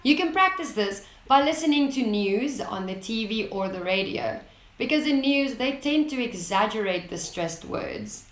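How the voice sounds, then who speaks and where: Clear-spoken woman teacher in a roomy space. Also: a little high, lively intonation. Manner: clear, deliberate, stressing key words. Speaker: English teacher, channel host. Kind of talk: scripted lesson to camera. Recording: roomy echo.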